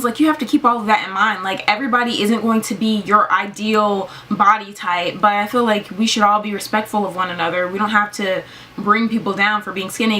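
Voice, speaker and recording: A woman's voice: mid-range voice, bright, forceful tone. A young woman vlogger ranting casually to camera, filling her talk with "like". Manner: ranting, heavy use of "like". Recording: slightly distant mic.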